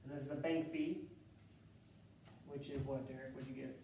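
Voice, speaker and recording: A man's voice: mid-range voice, little pitch movement, normal speed, gravelly, warm tone, a little hiss or hum. A man teaching a math class, working through loan calculations aloud step by step in a casual way. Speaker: math instructor. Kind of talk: classroom lecture. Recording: echoey classroom from far off.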